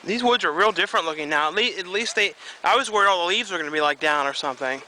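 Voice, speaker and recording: Young man, hoarse, casual vlog chat, faint background hiss. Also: high voice, animated, fast, bright, forceful tone, poor audio. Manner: chatty, joking, narrates to camera. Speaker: vlogger. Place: outdoors in woods, then indoors at home.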